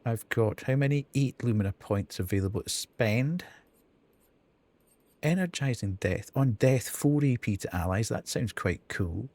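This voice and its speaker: Slow, mellow-voiced man streaming a game. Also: medium pitch, lively intonation, dry recording. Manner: thinking aloud, counting and reading out menu items. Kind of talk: casual live gameplay commentary.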